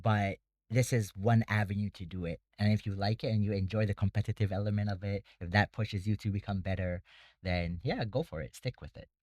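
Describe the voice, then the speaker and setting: A man's voice: fairly low pitch, steady tone, a little fast, darkish tone, no echo. A man who runs a debate academy, talking casually in an interview and explaining things step by step with many fillers. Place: Bangkok.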